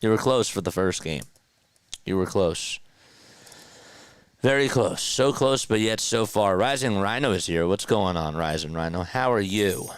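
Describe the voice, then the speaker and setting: Speaking in an unhurried, lowish voice, this play-by-play livestream host chats loosely about sports from his home streaming setup. He reads viewers' comments aloud, and his audio runs through a podcast mixer.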